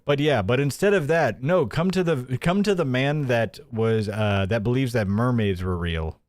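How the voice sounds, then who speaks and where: A man hosting a news commentary stream, energetic and joking, often laughing at what he covers. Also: mid-range voice, moderate pace, no echo. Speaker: host.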